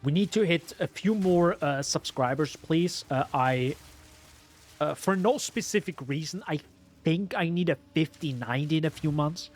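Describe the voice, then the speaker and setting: A man's voice: a little high, moderate pace. Chatty man streaming his gameplay. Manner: rambling, chatty, talks to viewers. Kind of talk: live gameplay commentary.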